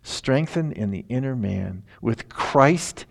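A man's voice: medium pitch, lively intonation, slow, vocal fry. A man preaching a sermon in a conversational, folksy way that rises into emphatic passages.

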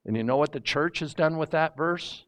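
A preacher with a slightly high, somewhat bright voice teaches a sermon at a normal pace. He keeps it conversational, reading scripture and putting rhetorical questions to his listeners.

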